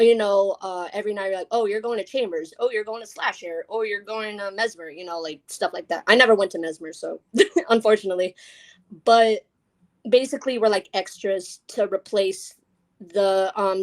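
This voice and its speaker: A young woman chats on a podcast as a guest, telling her stories with lots of energy. She laughs often and jumps into voices as she acts out the quotes. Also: medium pitch. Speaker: guest scare actor. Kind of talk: casual podcast storytelling.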